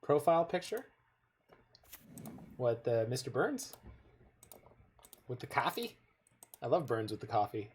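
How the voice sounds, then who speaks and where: A man's voice: medium pitch, big pitch swings, a little slow, pauses often, a little mellow, slightly rough. A North American man chatting casually with viewers while playing a card game, rambling off into stories. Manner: rambling, digressive storytelling. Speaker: game streamer.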